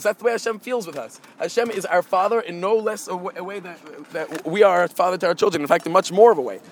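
High-voiced man teaching a Talmud class. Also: slight background noise. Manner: halting, with many repeated filler words. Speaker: Torah teacher. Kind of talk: Talmud lesson, translating Hebrew and Aramaic phrase by phrase.

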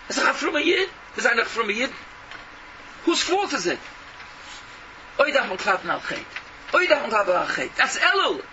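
Fervent high-voiced man preaching from afar. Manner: fervent, scolding, rhetorical questions, bursts of shouting. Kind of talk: impassioned sermon. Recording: distant, dull lo-fi, noisy.

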